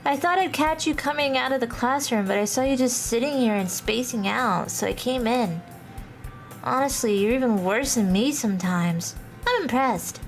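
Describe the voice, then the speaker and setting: A woman voicing a cheerful, airheaded schoolgirl while reading a visual novel aloud, in a sweet, drawn-out manner. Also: on the high side, faint music behind, voice pushed up, close to an everyday voice. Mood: teasing.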